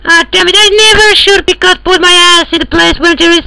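A performer voicing a rambling, crude oddball who talks in broken English, repeating words and clearing their throat. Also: very high voice, fairly even intonation, fairly quick, bright, forceful tone, heavily acted, poor audio. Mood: grumbling.

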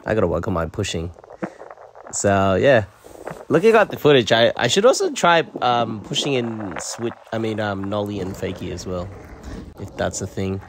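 Low-voiced hesitant male vlogger. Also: sing-song, brisk, background noise. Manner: hesitant, many fillers and restarts. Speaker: skateboarding vlogger. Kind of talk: casual voice-over commentary.

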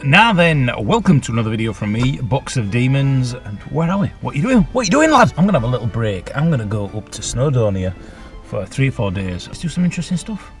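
A man's voice: mid-range voice, sing-song, a little fast, faint music behind. A middle-aged man with a Yorkshire accent, vlogging his travels in a grumbling, crude, swearing manner. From Yorkshire, England. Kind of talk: casual travel vlog. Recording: loud background noise, outdoors and in car.

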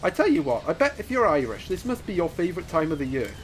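A man giving excitable live commentary over his own gameplay, laughing and taunting opponents. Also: fairly high pitch, fast talker, slight background noise. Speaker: gaming YouTuber.

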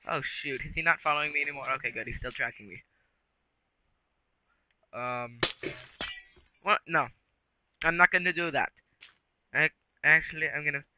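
A man's voice: on the high side, sharp tone, a little hiss or hum, rough recording. A man giving rambling casual commentary while playing a game, chatting to creatures and swearing mildly under his breath. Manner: rambling, talks to game creatures, mild self-censored cursing. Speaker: gameplay video maker.

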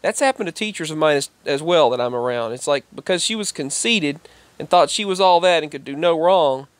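A man with a fairly high voice tells a rambling personal story to the camera, going over the same points again and again. The sound is dry and close, with little room in it. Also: lively intonation, fairly quick, dry recording. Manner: rambling, repeats himself, quotes others in a raised voice. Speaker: vlogger. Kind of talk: casual storytelling monologue.

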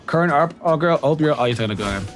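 A male streamer chatting casually with his viewers in a slangy, profane way. His fairly high voice leaps around, shifting quickly from mellow sincerity to loud laughter. Faint game music plays in the background. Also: lively intonation. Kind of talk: casual livestream chat with viewers.

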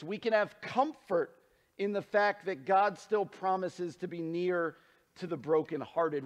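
Male pastor, sermon, high-pitched voice, earnest, emphatic, softens for scripture. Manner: earnest, emphatic preaching, dropping low and soft for scripture.

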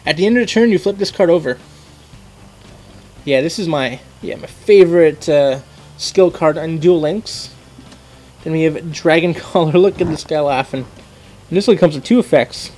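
Young male vlogger, high voice, chatty and casual, reads card text aloud, faint music underneath. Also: a little mellow. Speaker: youtuber unboxing trading cards. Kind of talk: casual unboxing vlog.

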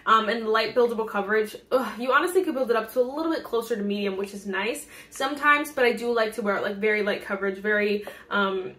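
A woman's voice: medium pitch, quick pace, hardly any pauses, a bit bright. A young woman vlogging casual beauty product reviews, gushing and bubbly with lots of fillers and laughter, recorded on a phone camera.

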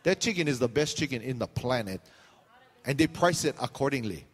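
A man's voice: medium pitch, animated, a little fast, breathy edge, long reverb tail. A middle-aged male pastor preaching a sermon, telling stories and acting out the voices of the people in them. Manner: storytelling with quoted voices and pidgin asides.

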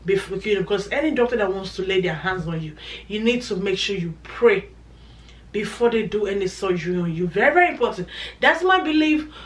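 A woman's voice: mid-range voice, animated, a little fast. A woman talks straight to her viewers in a chatty, emphatic way and circles back to repeat her points. Her voice sits some distance from the mic. A noticeable room echo surrounds every word. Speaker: vlogger. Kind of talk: casual chat to camera.

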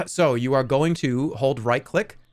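A man of medium pitch speaks slowly while hosting a livestream game contest, chatting casually and joking around with lots of swearing and frequent laughter.

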